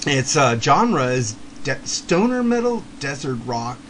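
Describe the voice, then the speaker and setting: A middle-aged man co-hosting a podcast, chatting casually about rock bands in a relaxed, rambling way, with frequent chuckles. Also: medium pitch, a little slow, slight background noise. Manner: laid-back, rambling, chuckles often. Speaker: podcast co-host.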